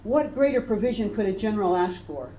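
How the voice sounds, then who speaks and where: A woman's voice: medium pitch, animated, fast. Emphatic woman preaching a sermon. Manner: emphatic preaching, rising for scripture quotes. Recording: roomy, dull, faint hiss.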